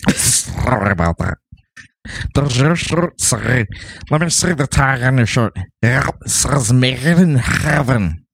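A man's voice: medium pitch, lively intonation, slow, creaky, husky, heavily acted. A man voicing a corny male melon-headed creature delivering pickup lines, in an improvised comedy sketch.

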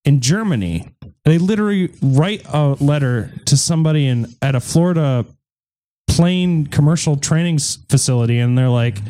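A man's voice: on the high side, warm tone. Rambling, joking male podcast host. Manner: rambling, joking, irreverent storytelling. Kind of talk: casual group chat.

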